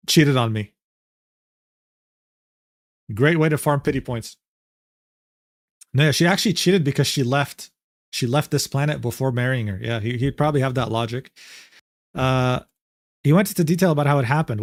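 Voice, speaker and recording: A man's voice: medium pitch, dry recording, studio quality. A young man streaming live, reacting to a document in loose, rambling commentary full of slang fillers. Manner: rambling, filler-heavy slang with "bro" and "dude".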